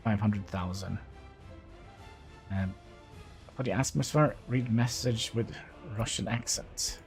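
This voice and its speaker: A man's voice: on the low side, takes it slowly, faint music behind. A man livestreaming a city-building game, talking casually and hesitantly as he thinks aloud. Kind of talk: casual gameplay commentary.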